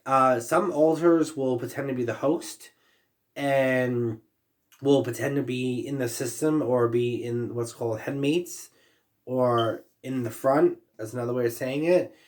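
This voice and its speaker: Man, vlogger, casual talk to camera, rambling, lots of fillers, middle pitch. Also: fairly even intonation, unhurried. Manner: rambling, full of fillers and asides.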